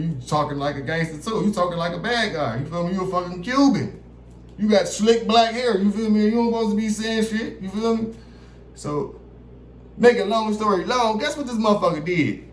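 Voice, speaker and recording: A man telling a story from his own life in a casual, animated monologue, swearing freely and acting out what other people said, in a room with some echo. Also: a little high, a little hiss or hum. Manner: animated, profane, acts out quotes of others. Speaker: vlogger telling a personal story. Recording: roomy echo.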